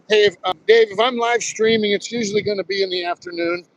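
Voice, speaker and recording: A man in his sixties from Southern New Jersey talks in a rambling, storytelling way, dropping casual swears along the way. His voice sits fairly high for a man. He is live streaming on a phone as he walks along a beach. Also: brisk, no echo, rough recording. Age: 60s. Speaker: live streamer, retired Marine pilot. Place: outdoors on a beach, walking. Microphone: phone held while walking.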